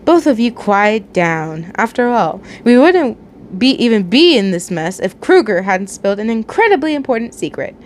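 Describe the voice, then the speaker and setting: A woman's voice: a little high, sing-song, moderate pace, a little hiss or hum. A woman reading as a polite cannibal psychiatrist. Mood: calm.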